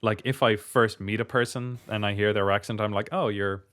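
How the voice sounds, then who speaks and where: A man co-hosting a podcast in casual chat, chatty and playful and quick to laugh. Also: fairly low pitch, level tone, a bit bright. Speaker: podcast co-host.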